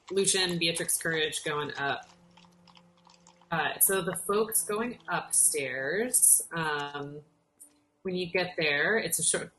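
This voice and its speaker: A woman narrating as dungeon master in an unhurried, descriptive way with many fillers. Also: on the low side, pushed and bright, slight background noise. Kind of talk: narrating a tabletop game.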